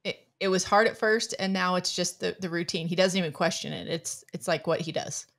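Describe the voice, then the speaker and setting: A middle-aged woman hosting a podcast interview, chatty and animated, often restarting her sentences. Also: lowish voice, a little fast, gravelly. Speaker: podcast host. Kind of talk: conversational interview.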